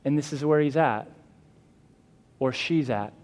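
An earnest male pastor preaching with a fairly high voice, pressing his points and restarting phrases as he goes. His sermon rings with a long reverb in the church hall. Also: measured pace, darkish tone. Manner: earnest, emphatic, with fillers and restarts.

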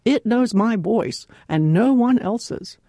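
A woman giving a devotional talk in an earnest, clearly enunciated way, laughing often. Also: a little high, animated, slow, warm tone, no echo, studio quality. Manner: clear, carefully enunciated delivery. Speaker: devotional speaker.

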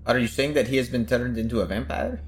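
A man's voice: mid-range voice, steady tone, fast talker, faint music behind. A man playing in a tabletop role-playing game, asking rambling, joking questions in casual chat. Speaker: player.

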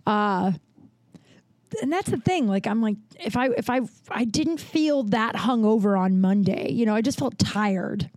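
A woman's voice: on the high side, a little slow, darkish tone, no echo. Chatty profane woman telling stories, dry sound. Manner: rambling, frank and profane, full of "like" and quoted asides. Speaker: podcast host. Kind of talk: casual storytelling.

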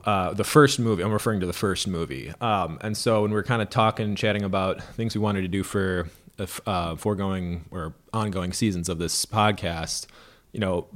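Low-voiced Midwestern man, rambling. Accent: American Midwestern. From American Midwest. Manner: rambling, hedging, with many fillers. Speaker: podcast co-host. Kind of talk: casual podcast chat.

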